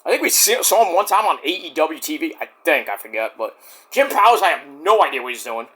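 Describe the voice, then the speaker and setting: A man reviewing wrestling in loose, rambling chat, full of fillers and swearing. His bright voice jumps around lively in pitch. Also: fast, breathy edge. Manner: rambling, profane, many fillers. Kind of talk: casual chat.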